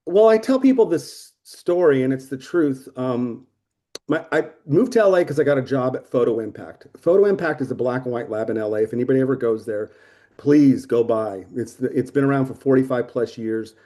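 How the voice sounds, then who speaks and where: A man in his sixties telling stories of his career as a photographer in a casual interview, lively, swearing, acting out the people he quotes. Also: medium pitch, moderate pace. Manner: animated, swearing storyteller who acts out quotes. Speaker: photographer guest.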